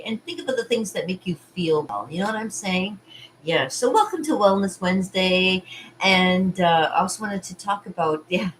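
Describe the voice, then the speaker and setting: A woman with a fairly low voice talks casually to camera from her art studio. She rambles from one thought to the next, laughing often between asides. A faint hum of room ambience sits behind her. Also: low-quality recording. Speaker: party artist and vlog host. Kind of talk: casual rambling vlog chat.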